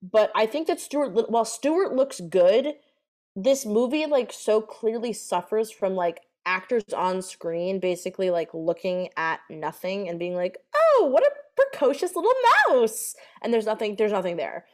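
A woman co-hosting a podcast in casual chat, animated and full of fillers and swearing. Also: mid-range voice, normal speed. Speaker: podcast co-host.

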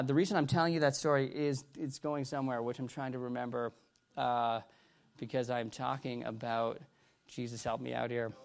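A middle-aged man with a fairly high pitch preaches his personal testimony. He keeps stopping and restarting as he rambles, veering between loud outbursts and hushed retelling.

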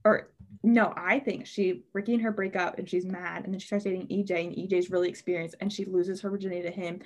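A woman's voice: fairly low pitch, steady tone, fast. A young woman co-hosting a podcast in casual chat, upbeat and full of fillers like "okay". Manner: chatty, upbeat, fills with "like" and "okay". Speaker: podcast co-host.

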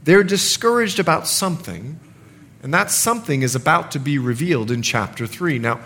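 Lively, high-voiced male preacher. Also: normal speed. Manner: animated preaching with emphatic scripture reading. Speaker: pastor. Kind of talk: sermon.

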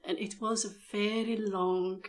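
A woman's voice: mid-range voice, a little slow. A woman from Tunisia, a guest in an interview, telling her career story and acting out what people said to her. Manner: animated storyteller acting out quoted speech.

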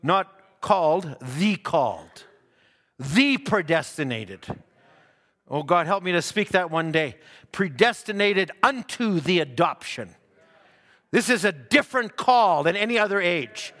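A man delivers an earnest sermon in a high voice with a bright, clear edge. He often stammers and restarts his phrases as he reads scripture aloud and explains it. His voice carries a long reverberant tail, as in a church hall. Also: expressive, measured pace. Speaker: preacher.

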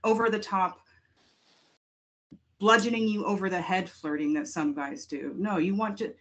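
A woman co-hosting a casual film podcast, telling her views in an animated, expressive way. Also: mid-range voice, moderate pace, pauses often. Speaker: podcast co-host. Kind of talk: casual discussion.

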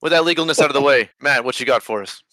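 Quick-talking podcast host, jokey, bright sharp voice. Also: male voice, medium pitch, no room sound. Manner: jokey, playful. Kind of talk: casual chat.

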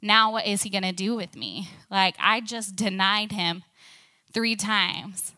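A woman's voice: medium pitch, sharp tone, dry recording. A woman voicing an ashamed, doubting male disciple. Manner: halting, self-questioning. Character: anxious ashamed male disciple, young adult.

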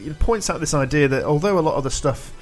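A man hosting a casual radio-style chat, relaxed and talkative, with fillers as he links segments. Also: a little high, fast, soft background music. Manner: relaxed, chatty, hesitant fillers. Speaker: host.

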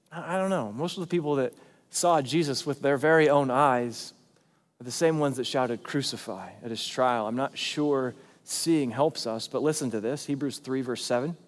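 A man's voice: medium pitch, moderate pace, big-room sound. A male pastor preaching a sermon in a church, talking conversationally and then pressing hard on key points. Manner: conversational, emphatic preaching with big swings in loudness.

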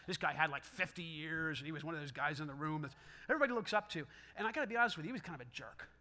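A middle-aged male pastor preaching a sermon, telling stories and acting out quoted voices. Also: high voice. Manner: animated storytelling with quoted voices.

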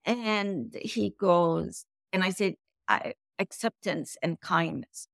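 A woman's voice: lowish voice, takes it slowly, gravelly, fairly bright tone. A woman guest earnestly recounting a personal experience, at times searching for words. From Egypt. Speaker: interview guest. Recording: echoey room.

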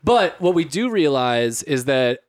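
A man's voice: fairly high pitch, sing-song, unhurried, no echo, clean studio sound. A young man co-hosting a casual podcast chat, rambling with lots of fillers and frequent laughs. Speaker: podcast co-host.

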